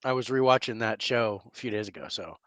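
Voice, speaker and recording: A man's voice: on the low side, brisk, fairly bright tone, no room sound. A middle-aged man co-hosting a casual chat over drinks, joking and teasing. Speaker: podcast co-host.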